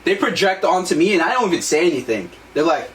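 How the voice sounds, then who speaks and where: A man's voice: a little high, very animated, quick pace, fairly bright tone. A young man co-hosting a podcast, giving blunt, profane motivational talk. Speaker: podcast co-host. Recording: echoey room, distant mic, faint noise.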